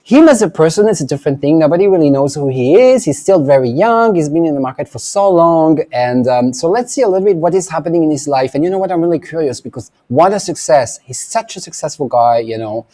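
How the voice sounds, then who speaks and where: A man's voice: fairly high pitch, lively intonation, quick pace, hardly any pauses, warm tone. A man hosting a weekly live psychic show, chatting casually and rambling with lots of fillers and asides. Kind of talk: casual live-stream chat. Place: indoor room, filming at home.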